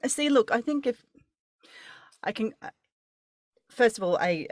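A woman's voice: a little high, animated, measured pace, a little mellow, no room sound, studio quality. A woman hosting a casual interview, chatty and rambling, with many restarts and laughs. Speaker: podcast host.

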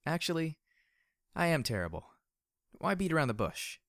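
A man's voice: fairly high pitch, big pitch swings, normal speed, fairly bright tone, no echo, studio quality, pitched above the performer's own voice. A man putting on a sardonic young mare. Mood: bitter. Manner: raised voice, wry and sarcastic.

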